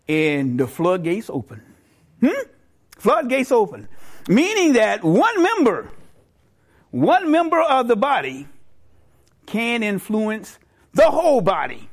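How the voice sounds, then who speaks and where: A man's voice: high voice, unhurried. A middle-aged man preaching a sermon, telling a joke and acting out its characters in a storytelling manner. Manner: storytelling, animated voices for characters.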